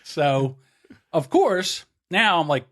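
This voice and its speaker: A middle-aged man co-hosting a podcast, telling a grumpy story in a casual, animated way and acting out his own rants. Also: a little high, slow pace. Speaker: podcast co-host.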